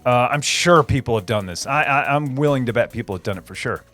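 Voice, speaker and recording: A man's voice: medium pitch, lively intonation, fast talker, a bit bright, faint music behind. A man hosting a casual livestream, chatting with viewers and rambling through answers with many fillers and repeated phrases. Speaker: livestream host.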